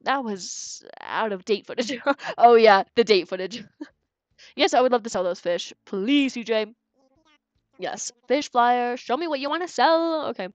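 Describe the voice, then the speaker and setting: A woman's voice: a little high, expressive, unhurried, dry recording. Giggly young woman streamer, dry mic. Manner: chatty, giggly, talks to chat. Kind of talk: casual gameplay commentary. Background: faint game music.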